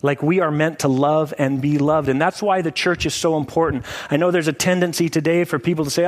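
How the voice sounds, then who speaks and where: A man's voice: on the high side, steady tone, a little fast. A middle-aged male pastor preaching a sermon in a conversational way, often saying "like" and "right?" to his listeners.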